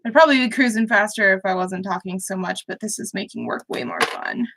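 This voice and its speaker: A woman's voice: medium pitch, big pitch swings, fairly quick, gravelly, very noisy. A young woman hosting a livestream, chatting casually and rambling with many fillers as she sews. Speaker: livestream host. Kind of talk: casual chat while sewing.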